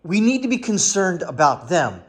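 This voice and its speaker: Man in his forties, sarcastic commentator, high voice, lively swooping pitch. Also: moderate pace. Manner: sarcastic, mocks others in high whiny voices. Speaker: political commentator. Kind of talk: casual political commentary.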